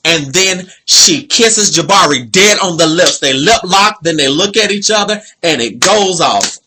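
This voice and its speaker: A man's voice: high-pitched, expressive, measured pace, background noise. A young man recapping a TV episode in a sassy, chatty way, full of slang and asides to viewers. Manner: sassy, slangy, says honey and y'all.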